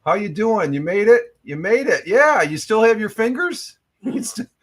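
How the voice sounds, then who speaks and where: A man's voice: sits high, lively intonation, moderate pace. A man from New York hosting a casual morning live stream, rambling with lots of fillers and restarts. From New York, USA.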